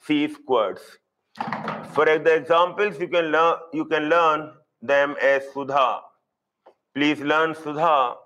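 Middle-aged zoology teacher, live class, unhurried, drills terms by repetition, checks in with students often. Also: male voice, medium pitch, fairly bright tone, lo-fi sound. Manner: slow, repeats key terms, asks students if they follow. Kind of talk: live online lecture.

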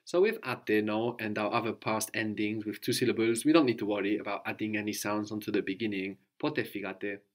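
A man's voice: on the low side, fairly quick, few pauses. A man teaching a language lesson, asking questions patiently and repeating his student's answers.

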